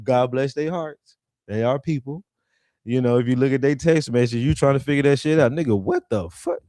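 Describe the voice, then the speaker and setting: A man's voice: mid-range voice, steady tone, brisk, mellow, no room sound, clean studio sound. A man giving a casual, rambling history commentary on his own microphone, with profane, chuckling asides. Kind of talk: casual talk over documents.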